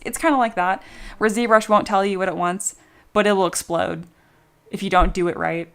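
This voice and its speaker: A woman's voice: mid-range voice, fairly even intonation, brisk, clean tone. Chatty woman live-streaming a sculpting tutorial. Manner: chatty, jokey, reads chat aloud.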